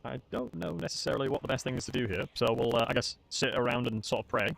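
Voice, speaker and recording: A man's voice: mid-range voice, steady tone, fast, gravelly, fairly bright tone, a little hiss or hum. A young man streaming a strategy game match, chatting casually and joking at his own expense. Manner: chatty, joking, self-mocking. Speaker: streamer playing a tournament match. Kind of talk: casual live-stream chat while gaming.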